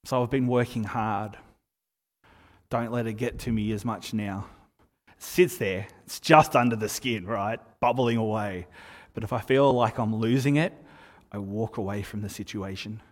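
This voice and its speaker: A man's voice: on the low side, moderate pace. Man preaching in a reverberant hall. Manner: conversational, animated storytelling with asides. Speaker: pastor. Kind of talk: sermon.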